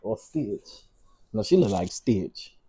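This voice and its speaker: A man's voice: fairly low pitch, big pitch swings, takes it slowly, warm tone, slight background noise. A man hosting a livestream, giving sassy, teasing live commentary with laughing asides. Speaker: livestream host.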